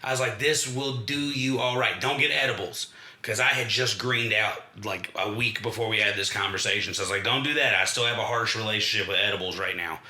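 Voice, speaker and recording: Animated storytelling man, echoey room. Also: fairly low pitch, a little fast. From Kentucky. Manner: animated storyteller, acts out quoted dialogue. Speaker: podcast co-host. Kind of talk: casual storytelling chat.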